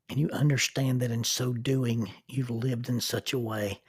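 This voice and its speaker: A man in his sixties, a minister, hosting a reflective podcast in an earnest manner, dropping to soft near-whispers for emphasis. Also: medium pitch, steady tone, unhurried, few pauses, slightly rough, no room sound, clean studio sound.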